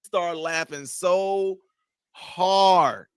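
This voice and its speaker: A man's voice: high-pitched, extremely slow, smooth, no room sound, studio quality. A man hosting a casual livestream, talking straight to his viewers, repeating his points emphatically. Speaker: livestream host.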